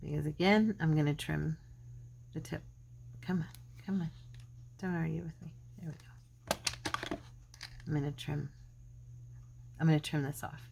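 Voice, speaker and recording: A middle-aged woman with a low, gravelly voice chats through a crafting tutorial. She talks to her viewers and mutters to herself as she works. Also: fairly even intonation, measured pace, pauses often, a little hiss or hum. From Arizona. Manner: chatty, talks to herself while working. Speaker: craft channel host. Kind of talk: casual crafting tutorial chat.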